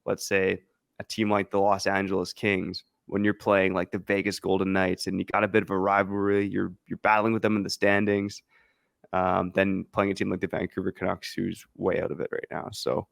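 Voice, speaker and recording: Male podcast co-host, low and gravelly, measured explainer, dry close mic. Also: completely flat delivery, no echo. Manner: measured, explanatory, with many fillers. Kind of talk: casual sports podcast chat.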